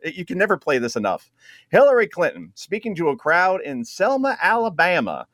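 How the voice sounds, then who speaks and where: Sarcastic New radio host. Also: male voice, sits high, huge pitch swings, fairly quick, fairly bright tone, dry recording, clean studio sound. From New Jersey. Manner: sarcastic, laughs at his own jokes, cues clips. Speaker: radio talk show host. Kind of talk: opinionated radio talk.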